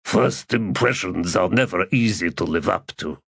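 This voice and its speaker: A man's voice: deep voice, normal speed, creaky, slightly rough, dry recording, exaggerated voice. A man voicing a cornered master assassin who answers back with dry wit, strained and gasping. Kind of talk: audiobook narration.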